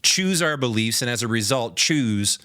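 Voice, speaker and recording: A man co-hosts a podcast in a bright, forward voice at an average pitch. He talks reflectively and searches for his words as he goes. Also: lively intonation, moderate pace. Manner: reflective, with many "uh" fillers. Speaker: podcast co-host. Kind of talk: casual podcast chat.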